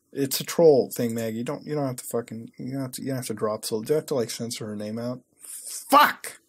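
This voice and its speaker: A man's voice: medium pitch, animated, fairly quick, breathy edge. A man hosting a casual commentary video, reading a web page aloud and reacting with sarcastic, profane disbelief. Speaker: host.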